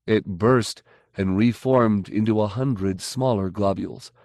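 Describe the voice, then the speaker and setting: A low-voiced man, slightly mellow, narrates slowly as an audiobook narrator reading scripted material. The recording is studio quality with no room sound.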